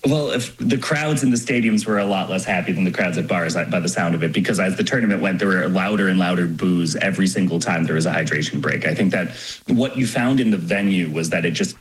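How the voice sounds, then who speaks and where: A man's voice: low-pitched, fast talker, hardly any pauses, rough recording. A man sports journalist explaining the game fluently in an interview. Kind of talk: radio interview answers.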